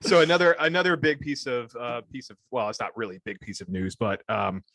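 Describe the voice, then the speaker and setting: A man's voice: mid-range voice, a little fast, fairly bright tone, no echo. A man hosting a podcast, running through political news in a casual, hesitant way, with plenty of fillers and side remarks. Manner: hesitant, lots of fillers and asides. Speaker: podcast host.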